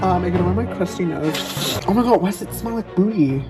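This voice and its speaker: A fairly low-voiced woman jokes and swears her way through a home cooking vlog, her pitch leaping all over. She keeps her voice half-hushed. Music plays steadily behind her. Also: animated, moderate pace. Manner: crude, profane and playful, half-hushed. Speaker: vlogger. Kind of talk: casual comedic cooking vlog.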